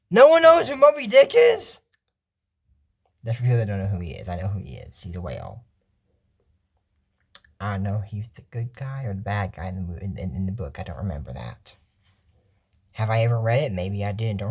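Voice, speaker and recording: Rambling, lively-voiced cartoon episode recapper. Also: mid-range voice, slightly rough. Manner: rambling, chatty, often laughing and trailing off. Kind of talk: casual episode recap and commentary.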